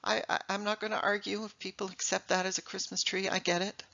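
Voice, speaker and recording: A woman's voice: medium pitch, level tone, fast, vocal fry, pushed and bright, highs cut off. A middle-aged woman presenting a talk to an audience, emphatic and full of rhetorical questions. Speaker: speaker giving a talk on English.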